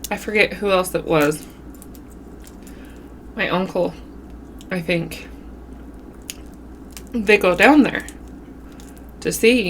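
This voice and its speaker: A woman vlogger casually telling a spooky story while eating, with a runny nose and an animated, drawn-out way of talking. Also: fairly low pitch, a little hiss or hum. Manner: animated storytelling with southern-style "y'all". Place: home, eating on camera.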